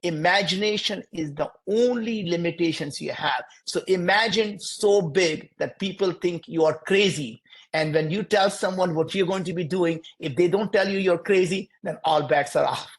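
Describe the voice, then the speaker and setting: A man's voice: high voice, normal speed. An entrepreneur with a thick Indian accent holds forth on a video call. He speaks emphatically, repeating his points in a motivational cadence. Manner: emphatic, repetitive, preachy cadence. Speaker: entrepreneur guest. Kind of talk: motivational interview answers.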